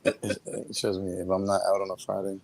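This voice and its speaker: Deep, gravelly male guest, husky, laid-back mumbling. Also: monotone, fast, a little mellow, poor audio. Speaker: chat guest. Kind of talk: casual group chat.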